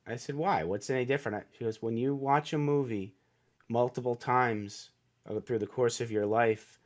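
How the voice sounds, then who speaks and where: A man's voice: fairly low pitch, a little mellow. A middle-aged man, a podcast guest and author, telling a personal story in a casual, earnest and emotional way, acting out the voices of people he quotes.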